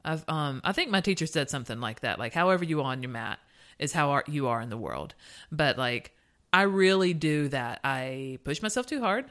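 Low, lively-voiced candid podcast woman. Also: normal speed. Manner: expressive, candid, reflective, swears casually. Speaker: podcast co-host. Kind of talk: casual chat.

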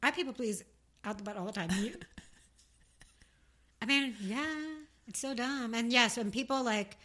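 A woman's voice: fairly high pitch, unhurried, sharp tone. A woman from New Jersey co-hosting a podcast, chatting candidly and joking with frequent swearing. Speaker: podcast co-host. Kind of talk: casual podcast chat.

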